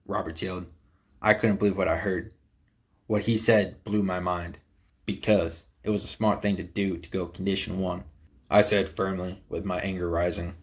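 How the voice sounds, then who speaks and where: A man narrating a first-person military story in a steady, matter-of-fact reading. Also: deep voice, moderate pace.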